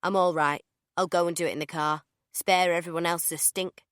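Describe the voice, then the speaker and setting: A woman's voice: on the low side, steady tone, brisk, a bit bright, clear, resonant tone, dry recording, clean studio sound, close to an everyday voice. A woman reading an audiobook, voicing a blunt, offhand young man. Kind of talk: audiobook character voice.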